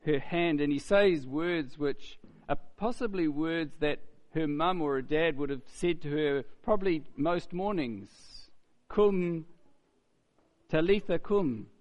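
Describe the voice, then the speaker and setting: A man's voice: a little high, big-room sound, dull audio. A man preaching a conversational sermon, asking the listeners rhetorical questions and acting out the voices he quotes. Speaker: pastor.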